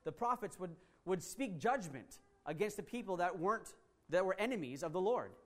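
A man's voice: high-pitched, animated, normal speed. A man preaching a teaching sermon, earnest and emphatic, with fillers and restarts as he explains scripture. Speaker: pastor.

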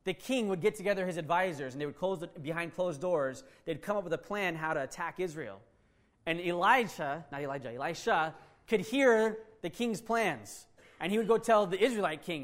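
A male pastor preaching a sermon in a conversational, animated way, with self-deprecating asides. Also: sits high, a little fast.

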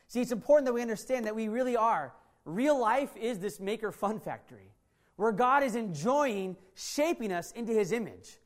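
A preacher giving a sermon, earnest and repetitive, often restarting sentences. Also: mid-range voice. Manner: earnest, repeats key phrases, restarts sentences.

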